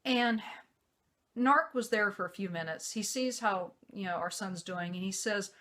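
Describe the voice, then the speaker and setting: Woman, casual storytelling, animated, acts out other voices, mid-pitched voice. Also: unhurried. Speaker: vlogger telling a personal story.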